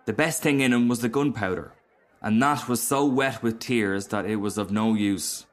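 A man reading a fairy tale aloud as narrator, in a measured, expressive storytelling manner. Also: fairly low pitch.

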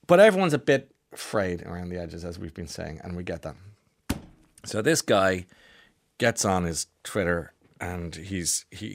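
A man hosts a radio show in a relaxed, chatty way, joking and restarting his sentences as he goes. His voice sits a little low. The sound is dry and close to the mic. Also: no echo. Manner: rambling, jokey, restarts often. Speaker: radio host. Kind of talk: chatty radio news commentary.

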